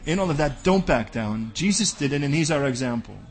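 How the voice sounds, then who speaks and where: A man's voice: a little high, animated, brisk, soft background music. A man preaching a sermon as pastor, bold and direct, often acting out back-and-forth dialogues.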